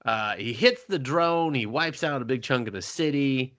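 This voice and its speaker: Male co-host, bright lively voice, jokey movie-review banter with impressions. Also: mid-range voice. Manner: animated, jokey, quick voice impressions. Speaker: podcast co-host.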